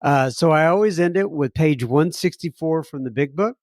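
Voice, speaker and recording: A man's voice: on the high side, moderate pace, no echo, clean studio sound. A man hosting a casual podcast, talking earnestly with plenty of fillers and frequent chuckles. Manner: chuckles often while talking; earnest and warm-hearted, with many fillers. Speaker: podcast host.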